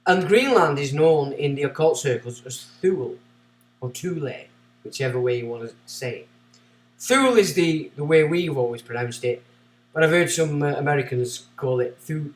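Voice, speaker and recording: A man with a somewhat high voice hosts a livestream, reading text aloud and cutting in with scornful, sarcastic remarks. He sits back from the mic, and his voice carries around a roomy space. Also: recorded from a distance. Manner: scornful, sarcastic asides between read passages. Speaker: livestream host. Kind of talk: ranting commentary while reading aloud.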